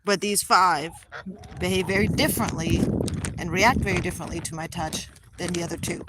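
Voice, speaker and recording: A woman's voice: fairly even intonation, brisk. A woman livestreaming outdoors among her geese, talking casually and rambling with lots of "like" and "um" fillers. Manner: coos to her birds in a much higher voice. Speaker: goose keeper livestreaming. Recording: loud outdoor background noise.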